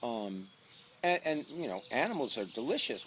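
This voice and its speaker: A man's voice: medium pitch, very animated, moderate pace, fairly bright tone, a little hiss or hum. A man, an author, delivering a profane, sarcastic comic rant about his book, swearing constantly.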